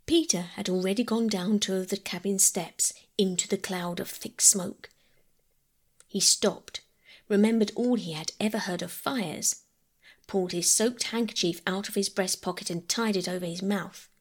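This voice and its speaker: A woman storyteller reading a classic children's novel aloud as a calm bedtime story. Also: medium pitch, normal speed.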